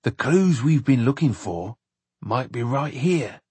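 A grave, troubled old grandfather speaks haltingly, as a man narrating a storybook puts him on. The voice is husky and plain. The recording is dry and close. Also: medium pitch, animated, dark tone, no room sound, exaggerated voice. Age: older.

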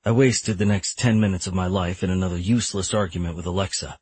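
A low, husky man narrates a first-person audiobook with a wry, irritated edge. The sound is dry and close on a studio mic. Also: fairly even intonation, fast talker, few pauses, darkish tone, no room sound.

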